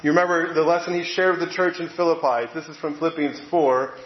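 Male preacher, fairly high voice, relaxed conversational sermon delivery, roomy echo. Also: quick pace. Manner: conversational, reads quotes aloud, occasional repeated words. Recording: echoey room, slightly dull sound.

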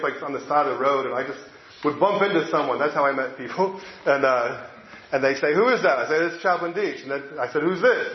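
A middle-aged man preaching a sermon as pastor, conversational and halting, with many fillers and restarts. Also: mid-range voice. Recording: echoey, dull lo-fi room sound.

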